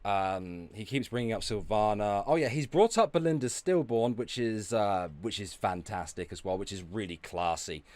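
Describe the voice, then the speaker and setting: A man's voice: on the low side, moderate pace, hardly any pauses, a little mellow, no echo. A man streaming, ranting and talking back to his chat, sweary and sarcastic. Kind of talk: ranting livestream commentary.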